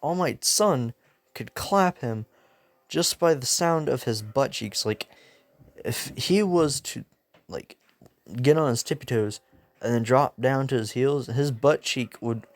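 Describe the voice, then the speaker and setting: A man's voice: medium pitch, slow pace, no echo. A young man casually telling a fan-made story, rambling and slangy, laughing at his own jokes.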